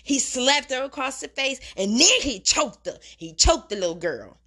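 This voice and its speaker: Woman, young adult, podcast host, slightly high voice, blunt, profane, slangy monologue. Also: sing-song, moderate pace, bright, forceful tone. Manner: profane, blunt, heavy slang, dramatic retelling. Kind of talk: casual commentary monologue.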